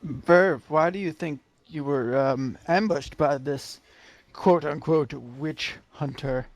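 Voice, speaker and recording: Gravelly-voiced man playing a tabletop game. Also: on the high side, slow, no room sound. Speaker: player. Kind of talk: tabletop role-play chat.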